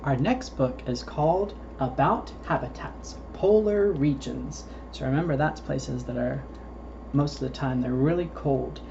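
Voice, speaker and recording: A man reading picture books aloud to preschoolers at a slow, unhurried pace, stopping to explain words in simple terms. His voice is mellow and warm. The recording sounds a little muffled, with a faint hiss underneath. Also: mid-range voice, gravelly. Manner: slow, patient explaining for small children. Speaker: storytime host reading to preschoolers. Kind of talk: children's read-aloud storytime.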